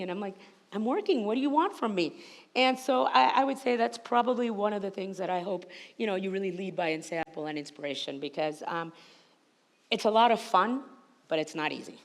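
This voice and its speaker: Lady w slight spanish-ish accent, punchy and emphatic, echoey conference hall. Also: mid-range voice. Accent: Spanish-influenced English. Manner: energetic, emphatic, laughs often. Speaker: panelist. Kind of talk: panel discussion. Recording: reverberant hall.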